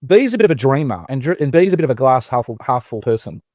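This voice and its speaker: A man's voice: medium pitch, sing-song, fast, darkish tone, dry recording, studio quality. A man co-hosting a podcast, chatting casually and rambling, with many restarts and fillers. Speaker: podcast co-host.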